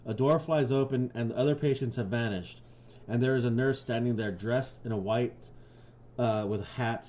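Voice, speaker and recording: A podcast co-host with a mid-range, darkish voice speaks at a moderate pace. He cracks crude jokes, reads stories aloud, and laughs a lot.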